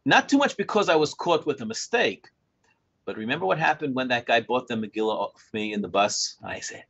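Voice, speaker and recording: Older man, husky voice, very lively pitch, animated storyteller who acts out dialogue and chuckles often, dull lo-fi recording. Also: brisk. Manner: chuckles often while talking. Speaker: Torah scribe. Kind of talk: storytelling talk to a small group.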